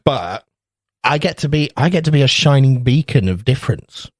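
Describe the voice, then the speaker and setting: A young man trades crude banter as a podcast co-host, his pitch swinging widely as he jokes. He laughs often and riffs on absurd ideas. The sound is close and dry, with no room around him. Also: lively intonation, normal speed, no echo.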